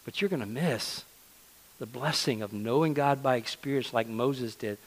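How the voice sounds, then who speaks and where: A man's voice: mid-range voice, normal speed, poor audio. Earnest man preaching a conversational sermon. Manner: conversational, earnest, repeats words when emphasizing.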